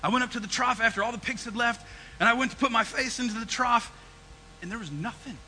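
Sermon monologue: a man as the young prodigal son, high, very bright voice, cocky then humbled, with a faint hum behind. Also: quick pace, heavily acted, rough recording. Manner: animated storytelling, swings between loud and hushed. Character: brash, repentant young prodigal son, male. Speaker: preacher in character. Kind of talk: first-person narrative sermon monologue.

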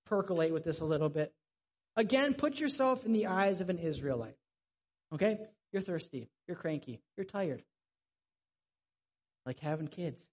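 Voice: mid-range voice, darkish tone, breathy edge. A preacher giving a sermon in a conversational, vivid storytelling way.

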